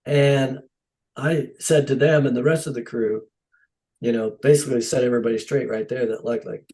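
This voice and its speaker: Animated middle-aged man telling stories. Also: medium pitch, normal speed, poor audio. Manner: animated, acts out quoted dialogue. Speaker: stunt coordinator. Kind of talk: casual interview storytelling. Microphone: podcast microphone.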